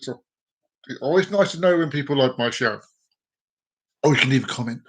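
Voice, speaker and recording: A man's voice: medium pitch, animated, fairly quick, husky. A man hosting a live-streamed comedy show, rambling, self-mocking and repeating words as he tells jokes. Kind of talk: live-streamed joke telling.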